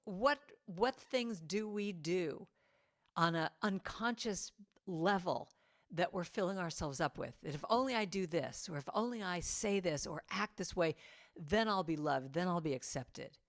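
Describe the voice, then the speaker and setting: A middle-aged woman giving a spiritual talk to a congregation over a video call, animated and playful, acting out the quotes she tells. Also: on the low side, unhurried. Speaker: guest speaker and singer.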